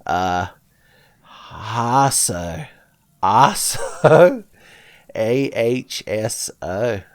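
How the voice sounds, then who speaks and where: A man's voice: on the low side, lively intonation, a little slow, dry recording, clean studio sound. A man narrating a Let's Play, sarcastic and profane, with frequent jokes aimed at his viewers. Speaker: gameplay commentator.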